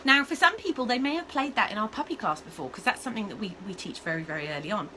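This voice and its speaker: A woman, a dog trainer giving a casual lesson to camera, chatty and animated, checking in often with "okay?" and "all right?". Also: mid-range voice, fast talker, a little hiss or hum, poor audio. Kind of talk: casual instructional talk to camera.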